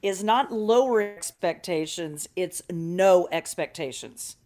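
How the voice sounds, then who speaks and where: A woman co-hosting a radio show, chatty and quick to laugh, talking into a studio mic. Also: fairly low pitch, a little mellow. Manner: chatty, laughs easily, defensive when teased. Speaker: radio co-host. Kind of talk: casual radio banter.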